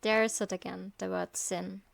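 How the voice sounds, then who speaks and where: A woman's voice: medium pitch, flat delivery, moderate pace, gravelly. A woman casually commenting aloud on a game story, reacting emotionally. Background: game music.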